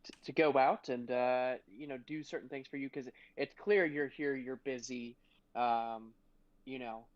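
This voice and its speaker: A man's voice: mid-range voice, steady tone, unhurried, dry recording. A man playing in a tabletop game, talking in a hesitant, rambling way full of fillers and restarts. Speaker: player. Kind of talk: casual tabletop game chat. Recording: dull lo-fi mic.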